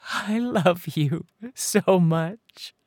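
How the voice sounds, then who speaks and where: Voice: medium pitch, big pitch swings, a little slow, dry recording, studio quality, pitched above the performer's own voice. A reader voicing an ill, emotional woman who pleads and protests in a raised, tearful voice. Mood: tearful, pleading. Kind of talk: audiobook character voice.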